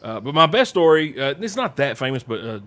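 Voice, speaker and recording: Storytelling man, mid-pitched. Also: brisk. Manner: rambling, animated anecdote-telling with acted-out quotes. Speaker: podcast guest storyteller. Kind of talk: casual storytelling chat.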